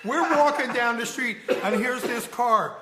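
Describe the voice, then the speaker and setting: A man's voice: very high-pitched, a little slow, background noise. A man reminiscing in casual conversation, correcting details and laughing as he talks. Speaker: storyteller recalling past travels. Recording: roomy echoey room.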